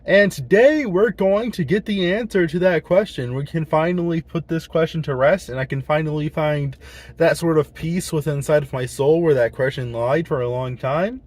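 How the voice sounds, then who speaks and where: Young male vlogger, slightly higher voice, loose rambling delivery with slang and false starts. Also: normal speed. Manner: rambling, slangy, restarts a lot. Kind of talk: casual vlog chat.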